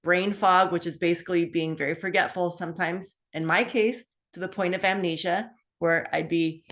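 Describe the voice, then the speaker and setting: A woman in her fifties, speaking as a guest, tells her own health story in a relaxed, chatty style packed with asides and filler words. Her voice sits on the low side and moves at a moderate pace. She's animated and acts out the things she said back then.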